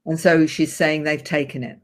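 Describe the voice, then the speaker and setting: A woman's voice: low voice, flat delivery, moderate pace. Earnest woman therapist telling a case story. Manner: earnest, vivid recounting. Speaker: guest therapist. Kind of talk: interview storytelling.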